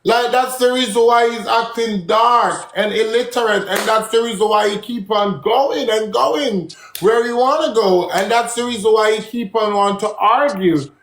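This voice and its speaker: A high-pitched man with a Jamaican accent holds forth on a live stream, brash, emphatic and full of profanity. His voice rings in an echoey room, with a faint hiss underneath. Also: normal speed, hardly any pauses, a bit bright. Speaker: livestream host. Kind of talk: heated live-stream talk.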